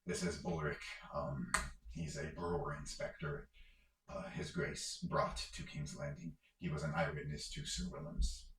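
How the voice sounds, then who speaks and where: A man voicing a towering, solemn knight who speaks in a low, measured, formal way, in an echoey room. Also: fairly even intonation, a bit bright. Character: Sir Duncan the Tall, grave knight.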